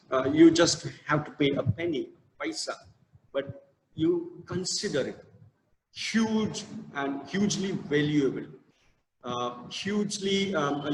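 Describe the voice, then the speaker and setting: Indian man lecturing in an echoey room. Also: on the high side. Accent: Indian English. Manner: hesitant, many fillers and restarts; slow stressed reading of verse. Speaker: English literature teacher. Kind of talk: online lecture. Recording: echoey room with long reverb, faint noise.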